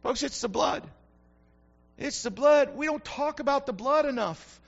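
A man's voice: very high-pitched, measured pace, vocal fry. A middle-aged male pastor giving a folksy, emphatic sermon with repeated refrains. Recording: muffled lo-fi recording.

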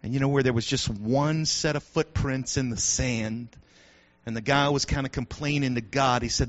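A male pastor preaching a sermon in an animated way, building to shouts with joking asides. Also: medium pitch, moderate pace. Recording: dull lo-fi sound.

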